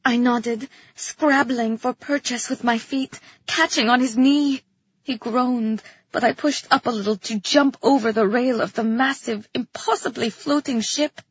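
Breathy, high-voiced woman narrating slowly. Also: dry recording, lo-fi sound. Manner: expressive storytelling. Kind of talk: first-person audiobook narration.

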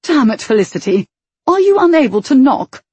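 Stern clipped young gentleman, exasperated brother, woman reading him, husky, dry close recording. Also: mid-range voice, expressive, moderate pace, no echo, voice pushed up.

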